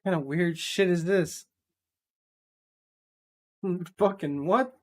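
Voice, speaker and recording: A man hosts a reaction video, his high, slightly mellow voice taking it slowly. His casual commentary is blunt, mocking, and heavily sworn, and he laughs at the clips.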